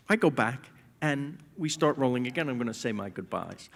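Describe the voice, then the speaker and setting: A man's voice: on the high side, animated, moderate pace, gravelly, bright, forceful tone. A man telling funny anecdotes on stage at a live talk, laughing often and poking fun at himself. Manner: laughs often while telling stories, playful self-mockery. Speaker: guest at a live talk event. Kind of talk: animated anecdotal storytelling. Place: stage event in front of an audience.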